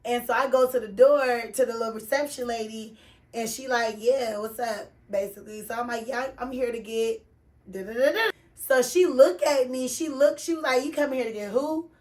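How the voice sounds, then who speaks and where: A woman with a high voice and a Texas accent tells a story in a loose, casual way. Her talk is full of slang and swearing. She slips into the voices of the people she quotes as she goes. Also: normal speed. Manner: animated, profane, slangy, acts out quoted voices. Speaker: vlogger telling a story.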